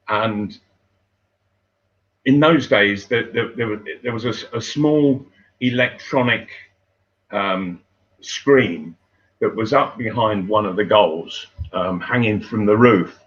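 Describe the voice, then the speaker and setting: Slow, low-voiced older man reminiscing. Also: fairly bright tone. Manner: unhurried, halting with many fillers and restarts. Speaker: former footballer telling stories. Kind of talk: casual storytelling chat. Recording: dull lo-fi sound.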